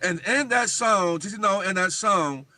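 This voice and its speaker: A man's voice: high-pitched, expressive, moderate pace, pushed and bright. A man talking as a guest on a livestream talk show, speaking emphatically and insistently.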